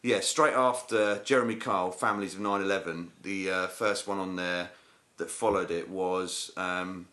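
Brief: man, very low voice, dry sardonic storyteller, podcast co-host. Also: fairly even intonation, normal speed, few pauses, pushed and bright. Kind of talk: casual chat.

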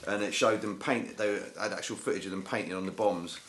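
A man's voice: deep voice, fairly even intonation, fairly quick, fairly bright tone. A man chatting casually on a podcast, laid-back, swearing and trailing off with ums. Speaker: podcast co-host. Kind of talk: casual chat.

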